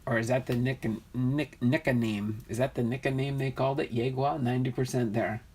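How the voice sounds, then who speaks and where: A man's voice: medium pitch, level tone, fast, a little mellow, breathy edge. A man hosting a live stream, reading viewers' comments, laughing and trying out pronunciations in a chatty way. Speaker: livestream host. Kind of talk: casual live chat with viewers.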